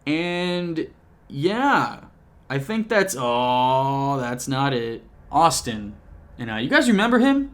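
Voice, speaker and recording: A young male YouTuber takes it slowly as he jokes and rambles through a casual vlog recap to a camcorder at home, frequently interrupting himself. His voice is fairly high and a bit bright, with big pitch swings.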